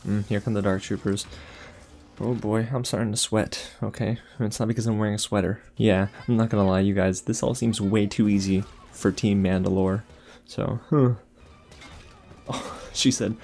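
A young man hosting a casual reaction video, talking excitedly to his viewers with lots of exclamations. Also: fairly low pitch, measured pace, vocal fry, long pauses, faint music behind. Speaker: YouTube reaction host.

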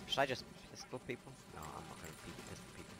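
A man chatting casually while playing a game with a friend, excitable, often stammering and repeating himself. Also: low-pitched, fast. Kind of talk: casual gameplay chat.

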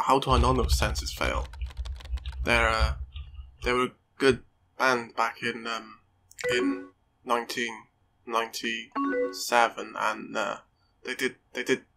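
A man's voice: medium pitch, gravelly, bright, forceful tone, slight background noise. A man giving let's play commentary over a game, swearing often and joking at his own expense. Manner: sweary, joking, self-mocking. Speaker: gaming YouTuber.

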